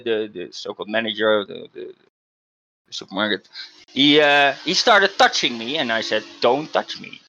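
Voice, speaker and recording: A man's voice: a little high, sharp tone, highs cut off. A man hosting a podcast, telling a story in a casual, emphatic way with frequent restarts. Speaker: podcast host.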